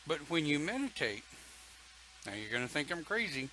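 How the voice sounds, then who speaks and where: A man's voice: a little high, very animated, normal speed, pushed and bright, slight background noise, poor audio. An older man leading an online pagan church talk, folksy and chatty, reading viewer comments and laughing often.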